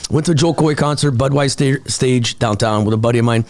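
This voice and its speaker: A man who is a comedian, telling stories as a guest in a casual podcast chat, animated and profane. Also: mid-range voice, brisk. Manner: animated storytelling, frequent swearing.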